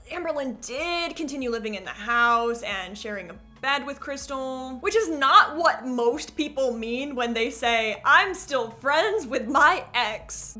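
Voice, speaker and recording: Woman, high voice, crisp bright tone, sarcastic commentary, soft music underneath. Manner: sarcastic, joking asides. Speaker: commentary channel host. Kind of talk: scripted commentary narration.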